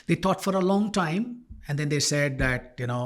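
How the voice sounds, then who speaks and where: Animated male life coach telling a story. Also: medium pitch, normal speed, hardly any pauses. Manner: animated, acting out dialogue. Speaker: life coach and podcast host. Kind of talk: storytelling monologue.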